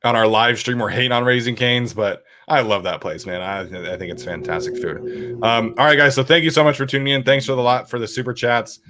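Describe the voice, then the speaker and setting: A man's voice: mid-range voice, fairly even intonation, brisk, noisy background. A young man hosting a casual sports podcast, reading out viewer questions and rambling with lots of fillers. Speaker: podcast host.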